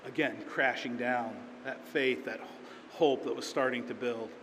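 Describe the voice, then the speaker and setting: A pastor preaching a sermon in a relaxed, storytelling way, acting out quoted lines in everyday speech. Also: male voice, medium pitch, unhurried, slight background noise. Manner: conversational storytelling with acted-out quotes. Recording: reverberant hall, faint ambience.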